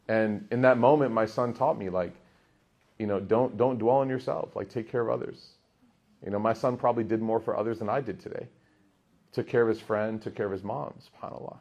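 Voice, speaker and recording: Animated man telling stories to a gathering. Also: fairly low pitch. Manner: storytelling, jokey, animated, rising loud in funny bits. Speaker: religious teacher. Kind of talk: casual talk to a gathering. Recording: dull lo-fi sound.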